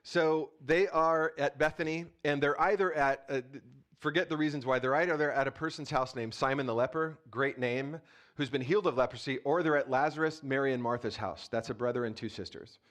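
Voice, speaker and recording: A man's voice: mid-range voice, a little fast, a bit bright. Chatty pastor preaching to his congregation. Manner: playful, chatty, asks the crowd questions. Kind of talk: casual conversational sermon. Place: church sanctuary. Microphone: handheld mic.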